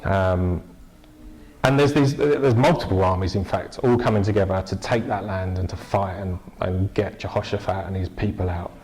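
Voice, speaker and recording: A man's voice: deep voice, normal speed, darkish tone, low-quality recording. A man preaching an informal, jokey church sermon, chatting with the congregation and asking them questions.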